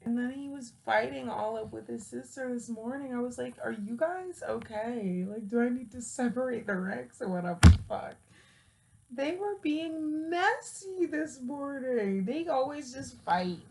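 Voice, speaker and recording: A woman's voice: fairly high pitch, expressive, a little slow, gravelly, darkish tone, slight background noise. A woman chatting casually to her viewers, laughing often and scolding her cat, with frequent swearing. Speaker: vlogger. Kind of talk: casual chat to camera.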